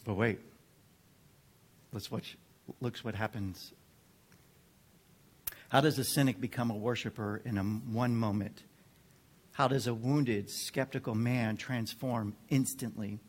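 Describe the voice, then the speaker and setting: A man preaching a sermon to a group of men, earnest and measured, dropping to a hush and then building to fervent emphasis. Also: medium pitch, steady tone, breathy edge. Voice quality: drops to a near whisper at times. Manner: slow, earnest delivery with dramatic swings from hushed to fervent.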